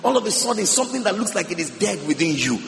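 A man pastor preaching an emphatic sermon, breaking into shouts and tongues, recorded in a church. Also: high-pitched, big pitch swings, quick pace, creaky, slight background noise. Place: church hall. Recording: reverberant church hall.

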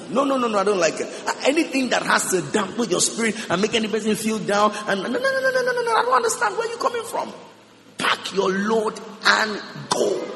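High, gravelly preaching man in a church hall. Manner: emphatic preaching with shouts and tongues. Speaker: pastor. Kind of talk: sermon.

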